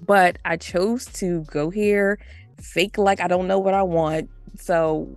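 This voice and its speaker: Chatty woman with a gravelly low voice. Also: unhurried, no room sound, faint music behind. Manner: chatty, animated, full of "like" and laughter. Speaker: podcast guest. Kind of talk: casual storytelling.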